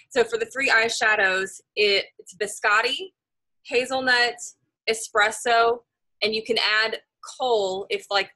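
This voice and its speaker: A woman's voice: mid-range voice, bright, forceful tone, poor audio. A woman on a video call, explaining makeup looks in a friendly, casual training talk. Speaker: makeup team leader.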